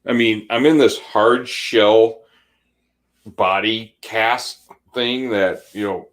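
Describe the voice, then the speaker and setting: A man in his forties, co-hosting a podcast, telling an animated, laughing personal story in casual chat. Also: fairly low pitch, slow pace. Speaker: podcast co-host.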